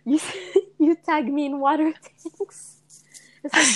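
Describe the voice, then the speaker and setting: Excitable young woman, native French speaker. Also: sits high, unhurried. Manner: animated, exclamatory, swearing. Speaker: podcast co-host. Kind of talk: casual chat.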